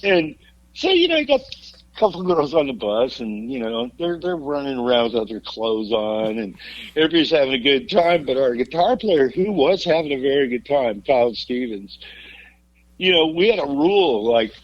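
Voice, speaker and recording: With very animated delivery at a moderate pace, a podcast guest, a rock singer in his fifties, spins raucous road stories full of laughter, jokes and free swearing. His voice is medium in pitch, and the recording has its highs cut off.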